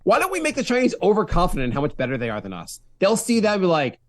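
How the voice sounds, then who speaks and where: Lively joking man on a podcast. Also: high-pitched, racing, no room sound, studio quality. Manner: animated, joking, acts out quoted voices. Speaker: podcast co-host. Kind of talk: casual comedic banter.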